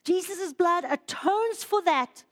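A woman preaching a sermon in church, emotional, swinging from loud, stirring lines to hushed, quiet ones. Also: very high voice, lively intonation, takes it slowly. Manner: emotional, rises loud then drops to hushed.

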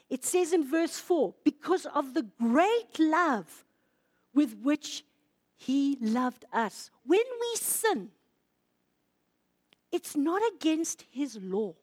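A woman preaching a sermon in church, emotional, swinging from loud, stirring lines to hushed, quiet ones. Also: sits high, sing-song, drawn-out words. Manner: emotional, rises loud then drops to hushed.

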